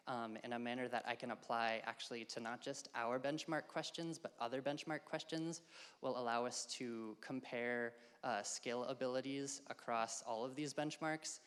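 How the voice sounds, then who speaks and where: A man's voice: medium pitch, a bit bright, clear, resonant tone, big-room sound. A man giving a casual academic slide talk to a live audience, with many ums and uhs. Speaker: workshop presenter. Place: lecture hall.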